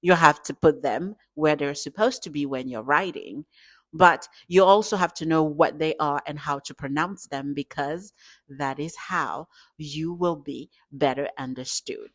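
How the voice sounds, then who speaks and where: A woman's voice: low voice, unhurried, a bit bright. A woman with a French accent, a teacher patiently explaining step by step in a casual language lesson. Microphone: glasses-mounted camera for desk part.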